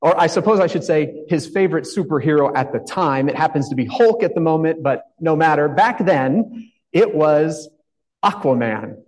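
A man's voice: a little high, animated, normal speed, a little mellow, low-quality recording. A male pastor giving a reflective, conversational sermon, asking his congregation questions as he goes.

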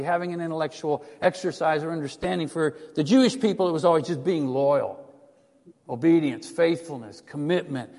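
A pastor giving an animated, conversational sermon in a church, wandering off on asides. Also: male voice, on the high side, in a large hall.

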